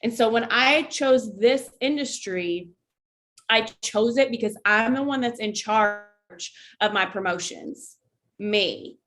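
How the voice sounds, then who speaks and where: A woman's slightly high, fairly bright voice moves slowly as she talks to camera. The army veteran keeps her vlog casual and candid, chatting with viewers and often wandering into asides.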